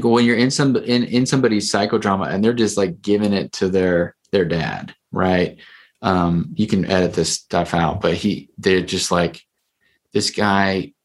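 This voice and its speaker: A man with a fairly low voice talks casually on a podcast, rambling through a story. He fills it with "like" and "you know" and restarts his sentences as he goes. He sounds like a therapist chatting with a friend.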